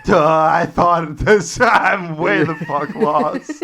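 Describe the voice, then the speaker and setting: A man's voice: fairly high pitch, a crowd in the background, pitched above the performer's own voice. A man doing a dopey, lost soldier. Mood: baffled. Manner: slow, dopey, laughing through the lines. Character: dim, lost, bewildered male soldier.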